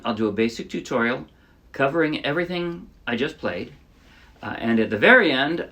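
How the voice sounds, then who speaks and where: A man's voice: medium pitch, a bit bright. A man casually teaching ukulele, chatty and demonstrative, often correcting himself mid-sentence. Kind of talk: casual tutorial talk. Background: ukulele playing.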